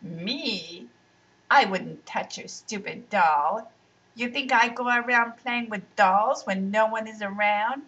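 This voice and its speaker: A woman's voice: mid-range voice, slow, fairly bright tone, highs cut off. A woman reading aloud, voicing a cocky young boy who scoffs and sounds self-righteous. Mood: scoffing. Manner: scoffing, mock-virtuous.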